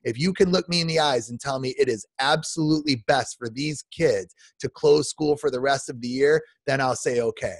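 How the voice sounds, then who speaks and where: A man's voice: medium pitch, moderate pace, hardly any pauses, breathy edge, dry recording. A man in his forties, a podcast guest, delivering an impassioned rant with emphatic restarts and repeats. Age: 40s.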